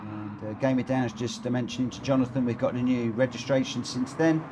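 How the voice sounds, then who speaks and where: A man hosting and commentating online racing in a chatty, excitable, jokey way over a live stream. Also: medium pitch, brisk. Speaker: race commentator and lobby host. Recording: game audio noise behind.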